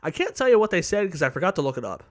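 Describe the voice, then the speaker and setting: A man's voice: sits high, very animated, racing. A man co-hosting a sports podcast in casual chat, rambling, repeating words and swearing freely. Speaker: podcast co-host. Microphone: podcast microphone.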